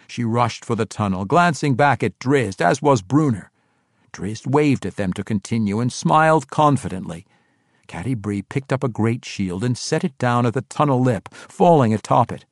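A man narrating a story in an expressive, animated way, recorded on a close studio mic. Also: medium pitch, normal speed, dry recording. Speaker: audiobook narrator. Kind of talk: scripted narration.

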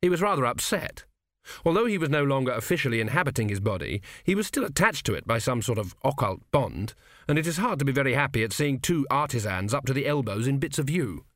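A man's voice: medium pitch, sing-song, fairly bright tone, no room sound. Dry-voiced male audiobook narrator. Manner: measured, dry storytelling. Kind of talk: scripted comic narration.

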